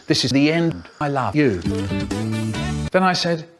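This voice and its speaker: A man telling comic stories in a playful, animated way, full of sudden vocal swings. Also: fairly high pitch, normal speed, music in the background. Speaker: storyteller. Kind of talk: spliced comic storytelling clips.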